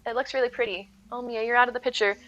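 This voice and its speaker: Bright, chatty woman streamer. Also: a little high, fairly even intonation, racing. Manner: chatty, laughs often, thanks viewers. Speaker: game streamer. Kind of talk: casual live-stream chat. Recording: slightly dull audio with faint music.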